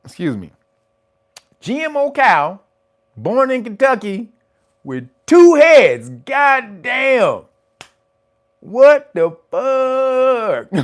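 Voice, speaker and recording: Man, casual commentary host, unhurried delivery, profane, laughing. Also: very high-pitched. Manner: animated, profane, laughing often, loud exclamations.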